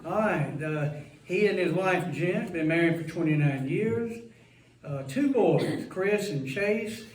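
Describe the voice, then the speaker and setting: A man's voice: high-pitched, lively intonation, takes it slowly, slight background noise. Folksy man hosting in a roomy hall. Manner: joking, rambling, chatty. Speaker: host introducing a guest speaker. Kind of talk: folksy event introduction. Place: hall with a live audience. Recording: roomy hall, mic some distance away.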